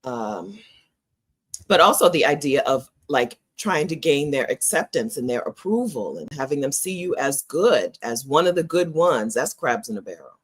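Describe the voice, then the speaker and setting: A middle-aged woman from the United States vlogs in a casual, opinionated style, animated and emphatic, laughing often and repeating phrases. Her voice is low-pitched and slightly rough, at a moderate pace.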